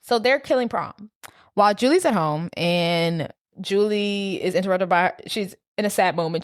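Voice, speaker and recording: Laid-back lower-voiced young woman, dry sound. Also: no room sound. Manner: laid-back, swears freely, laughs often. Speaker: podcast co-host. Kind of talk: casual movie recap chat.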